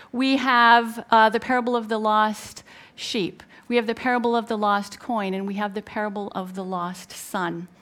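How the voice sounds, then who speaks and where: A woman's voice: fairly high pitch, a bit bright. Middle-aged woman preaching a story. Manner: storytelling with many fillers, emphatic retelling. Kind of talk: sermon with personal story.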